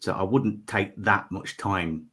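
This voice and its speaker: A man's voice: sits low, steady tone, slow, bright, forceful tone, slightly rough. A man in his thirties with a northern English accent, wryly commenting on his own old stand-up footage. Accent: generic northern English. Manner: wry, self-mocking. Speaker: comedian reacting to old footage. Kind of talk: casual reaction commentary.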